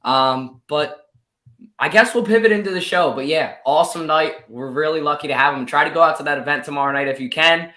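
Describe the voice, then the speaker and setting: A man's voice: fairly high pitch, pushed and bright. A man from Delaware hosting a casual sports podcast, upbeat and teasing. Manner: upbeat, teasing, talks in quick bursts. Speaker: podcast host. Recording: roomy echo.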